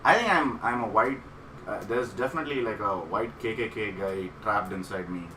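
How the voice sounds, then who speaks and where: A man's voice: fairly low pitch, normal speed, reverberant, far from the mic, noisy background. A man co-hosting a casual podcast, telling a long stand-up story with many fillers and laughs. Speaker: podcast co-host, comedian.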